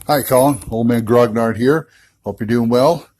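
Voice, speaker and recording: Man, mid pitch, jokey playful voicemail, casual chat. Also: normal speed, darkish tone. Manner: jokey, playful, drops into whispers. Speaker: caller, fellow podcaster.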